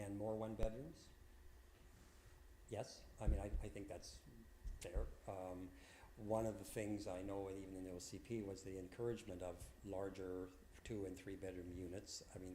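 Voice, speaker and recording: A man's voice: low voice, mellow, roomy sound, slight background noise. A man representing a housing project, answering council questions hesitantly with many fillers. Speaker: development proponent.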